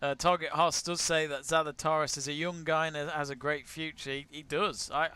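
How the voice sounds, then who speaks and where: A man from England runs a live golf watch-along, greeting viewers by name and reading out their comments between shots. His voice is bright and crisp, and sits a little higher than most men's. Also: little pitch movement, normal speed, no echo. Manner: chatty, greets viewers and reads out their messages. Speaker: watch-along stream host.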